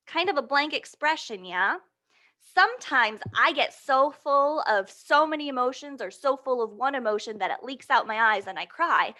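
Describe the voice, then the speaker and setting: A woman leading a children's storytime, animated and prompting her young listeners with questions. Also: high voice, moderate pace. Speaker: storytime reader.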